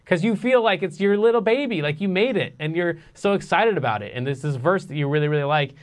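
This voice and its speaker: A man casually teaching songwriting in a live online lesson, relaxed and rambling with restarts. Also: sits high, fast talker. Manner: sings nonsense syllables to show rhythm.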